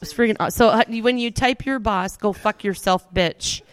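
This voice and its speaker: A radio show co-host chatting casually on air, with quick reactions and teasing asides. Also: medium pitch, clear, resonant tone.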